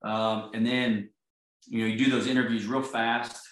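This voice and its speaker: A man's voice: medium pitch, level tone, moderate pace, fairly bright tone, roomy sound, low-quality recording. A man, a golf champion, telling a story casually with lots of fillers and restarts. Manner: rambling, full of fillers and restarts.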